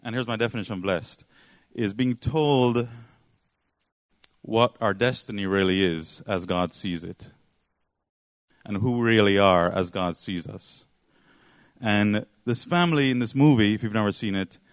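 A man's voice: fairly low pitch, a little slow, no room sound. Rambling male preacher, dry sound. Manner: rambling storyteller, many fillers. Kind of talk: sermon.

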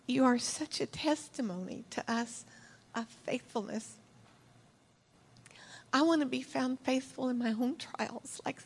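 A middle-aged woman giving a heartfelt sermon as a church speaker, telling stories earnestly and emotionally, sometimes dropping to a soft whisper. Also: high-pitched, breathy edge. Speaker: church speaker leading prayer.

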